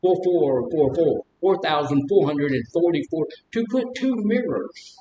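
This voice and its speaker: A man's voice: animated, measured pace, dark tone, dull audio. A man leading a recovery group as counselor, talking casually, asking the group questions and telling personal stories with humor. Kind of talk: informal group talk on recovery. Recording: echoey room with faint rumble.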